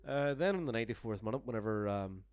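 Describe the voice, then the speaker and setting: A man's voice: lowish voice, lively intonation, fast talker, a little mellow, no echo. A young man telling a long, rambling, sweary story in casual chat, laughing as he goes. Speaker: storyteller guest. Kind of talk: casual podcast anecdote.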